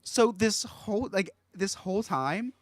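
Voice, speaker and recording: An excitable male podcast host tells a long story, acting out each exchange as he goes. His voice sits a bit high for a man, and it is recorded close and dry with no room sound. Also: a little slow, no echo. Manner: animated, excitable, acts out quotes. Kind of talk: casual storytelling chat.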